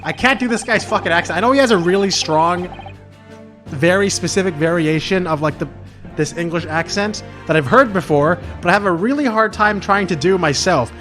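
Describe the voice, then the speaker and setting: A man's voice: sits high, a little fast, a bit bright. A man streaming a game, chatting loosely and self-mockingly, swearing often. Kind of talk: casual game let's-play commentary. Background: background music.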